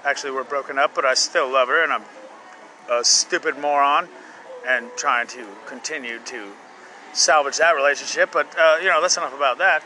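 A man in loud, rambling, crude street chat as a guest on an outdoor podcast. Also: mid-range voice, brisk. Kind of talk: rowdy casual street chat. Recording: street noise behind.

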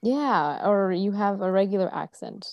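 A woman's voice: medium pitch, expressive, unhurried, no room sound, studio quality. A woman co-hosting a podcast in casual chat, giggly and playful, laughing often. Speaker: podcast co-host.

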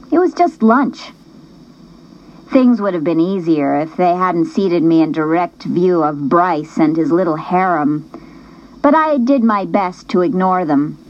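Slow, low-voiced woman narrating an audiobook. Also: dull audio. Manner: plain storytelling, measured. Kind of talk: first-person audiobook narration.

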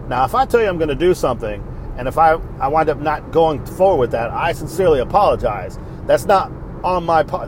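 A middle-aged man hosts his podcast in a casual, fired-up rant, blunt and full of swearing. His voice sits a little high for a man. A faint hiss of noise runs underneath. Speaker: podcast host. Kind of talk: casual ranting monologue.

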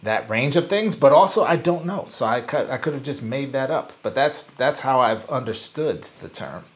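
A man's voice: mid-range voice, animated, moderate pace. A man co-hosting a podcast, chatting casually in a thoughtful, hedging way with lots of fillers. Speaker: podcast co-host.

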